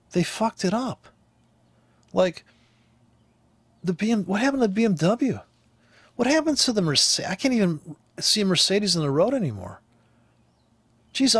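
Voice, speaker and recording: An American forex trader and trading teacher rants casually over a live chart, rambling, swearing freely, and laughing often. His voice sits on the high side and is slightly rough, and the recording is dry.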